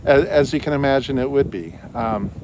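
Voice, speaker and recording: A man's voice: mid-range voice, expressive, a little fast, noisy background. A man talking through a book summary in a loose, conversational way, with frequent fillers and restarts. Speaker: book reviewer. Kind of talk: casual spoken book summary.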